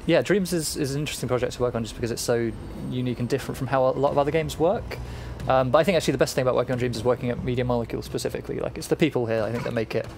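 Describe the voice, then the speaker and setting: Gravelly man thinking aloud. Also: medium pitch, fairly even intonation, rapid-fire, hardly any pauses, background noise. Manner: easygoing, thinking aloud with fillers. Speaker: game developer on a livestream. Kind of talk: casual chat during live game building.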